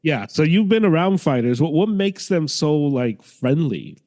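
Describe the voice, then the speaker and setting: A man co-hosting a podcast in casual chat, halting and restarting as he thinks aloud. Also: a little high. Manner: halting, restarts, animated asides. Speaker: podcast co-host.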